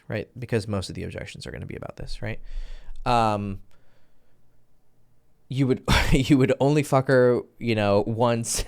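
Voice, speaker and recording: A man with a gravelly, fry-edged voice gives dating advice in a loose, casual style. He is blunt and profane. He keeps acting out little exchanges between himself and a woman. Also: mid-range voice. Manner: blunt, profane, acts out both sides of conversations. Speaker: dating coach. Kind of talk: casual instructional talk.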